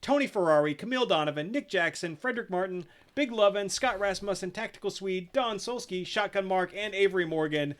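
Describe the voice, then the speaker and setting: A middle-aged man co-hosting a casual podcast, his voice sitting a little higher than most men's. He rambles loosely and drops the odd curse, talking easily into a podcast microphone. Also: brisk, few pauses. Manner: relaxed, rambling, swears freely. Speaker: podcast co-host.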